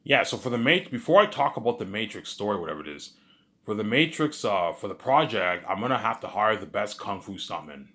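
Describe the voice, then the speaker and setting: Casting note: man, very low voice, rambling vlog monologue, lots of restarts. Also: sing-song, fairly quick, sharp tone. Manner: rambling, many repeats and filler phrases. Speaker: vlogger.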